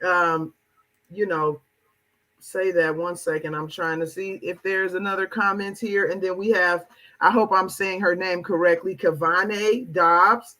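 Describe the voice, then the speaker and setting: A woman's voice: fairly low pitch, steady tone, a little slow, sharp tone, poor audio. A woman hosting a live talk show, affirming her guest and reading out viewer comments. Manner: affirming, lots of "wow" and "exactly". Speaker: host.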